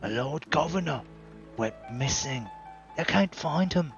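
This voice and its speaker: A man's voice: fairly high pitch, lively intonation, a little slow, creaky, muffled recording, soft background music, pitched above the performer's own voice. Man doing a Cockney city guard. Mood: gossipy. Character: gossiping male city guard.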